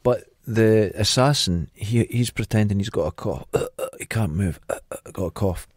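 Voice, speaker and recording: A man's voice: lowish voice, darkish tone, slightly rough, no echo, studio quality. A Scottish man co-hosting a podcast, reacting eagerly and teasing his co-host while they talk through a film. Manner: enthusiastic, teasing, quick reactions. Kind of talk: casual film review chat.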